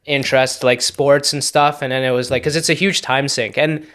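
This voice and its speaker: A man's voice: mid-range voice, steady tone, normal speed, fairly bright tone. A man in casual podcast chat, talking enthusiastically and filling his sentences with "like". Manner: enthusiastic, filler-heavy with lots of "like".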